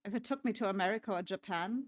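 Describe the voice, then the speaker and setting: A woman's voice: mid-range voice, fast talker. A woman streamer giving casual, blunt reaction commentary, with frequent swearing.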